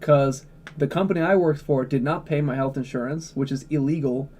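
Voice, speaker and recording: A man's voice: fairly high pitch, fairly even intonation, fairly quick, darkish tone. A man chatting casually on a livestream, blunt, opinionated and profane, answering chat questions.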